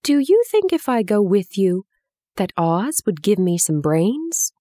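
A woman voicing a friendly, gentle male scarecrow made of straw, earnest, simple and a little sad. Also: medium pitch, sing-song, a little slow, no room sound, clean studio sound, pitched above the performer's own voice.

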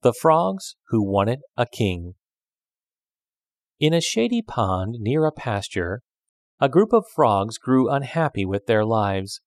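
A man reading a children's fable aloud, with an expressive storytelling delivery. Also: medium pitch, takes it slowly, dry recording, studio quality.

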